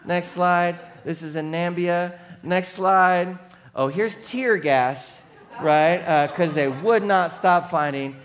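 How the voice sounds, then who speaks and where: Animated man preaching a sermon, higher voice. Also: takes it slowly. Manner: animated, playful storytelling with mock voices for crowd. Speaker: pastor.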